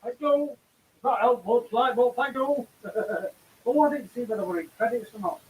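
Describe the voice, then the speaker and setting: A man's voice: very high voice, moderate pace. A man co-hosting a casual live stream, chipping in dry side remarks. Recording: distant mic in room.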